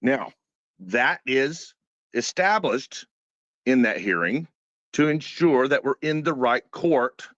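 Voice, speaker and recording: Measured man on a dry, dull call. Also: mid-range voice, animated, fairly bright tone, dry recording. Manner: measured, insists on finishing his point. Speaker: panelist. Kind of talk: heated online panel debate.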